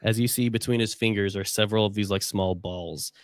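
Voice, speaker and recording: A male game master narrating a tabletop game and talking his way through scenes with plenty of fillers. His voice is a touch low, and the recording is close and dry. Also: fairly even intonation, a little fast, clear, resonant tone, dry recording. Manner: descriptive with frequent fillers.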